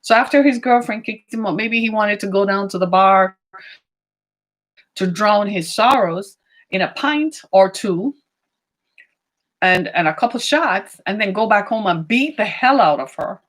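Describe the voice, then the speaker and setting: A woman giving opinionated commentary, emphatic, asking rhetorical questions and slowing down on key points. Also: mid-range voice, expressive, a bit bright. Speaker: political commentator.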